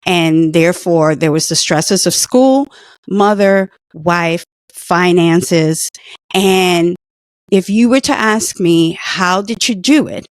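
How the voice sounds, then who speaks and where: A woman's voice: fairly low pitch, takes it slowly, dry recording, studio quality. A middle-aged woman earnestly telling a personal story in conversation, emotional at times. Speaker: guest, former patient.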